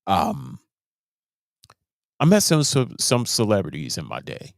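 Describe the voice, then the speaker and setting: A deep-voiced man talks slowly, his pitch rising and falling a lot as he comments. He keeps repeating and restarting words while he makes his points with emphasis. The sound is dry and close, with no room echo. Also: huge pitch swings, gravelly. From Baltimore, USA. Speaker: host. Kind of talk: casual commentary.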